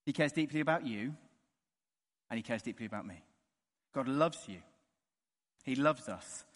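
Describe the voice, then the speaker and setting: A man preaching a sermon in an earnest way, dropping soft and slow on the key words. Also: medium pitch. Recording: long reverb of a large hall.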